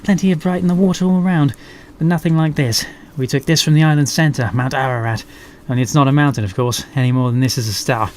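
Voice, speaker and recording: A man voicing an excitable female rat science officer who talks eagerly and insistently. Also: mid-range voice, fast talker, hardly any pauses, slight background noise, close to an everyday voice.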